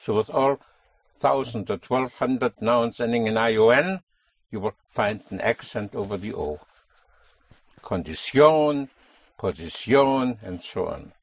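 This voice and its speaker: A man's voice: on the low side, normal speed, creaky, husky, no room sound. A man teaching a language lesson, explaining a stress rule patiently and stressing key words.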